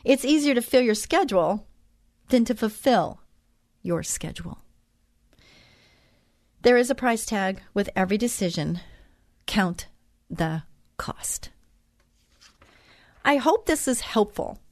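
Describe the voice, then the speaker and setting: A woman's voice: on the high side, expressive, moderate pace, pauses often, darkish tone, no room sound, studio quality. Earnest, heartfelt woman talk show host. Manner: earnest and heartfelt, openly emotional. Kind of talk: inspirational faith talk monologue.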